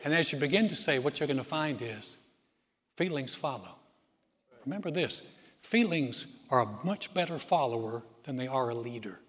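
A man's voice: mid-range voice, expressive, normal speed, a bit bright. A man preaching a sermon as pastor, earnest and conversational with emphatic bursts. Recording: long church-hall reverb.

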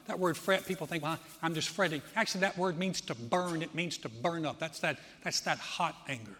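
A man preaching a sermon as pastor, telling stories with lively acted-out quotes. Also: fairly high pitch, brisk, few pauses, husky, long reverb tail. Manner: animated storytelling, acting out quoted voices.

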